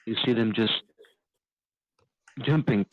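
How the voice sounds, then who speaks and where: A man's voice: medium pitch, phone-quality sound. A man narrating as game master for a tabletop game, stopping now and then to correct himself. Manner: halting, self-correcting narration.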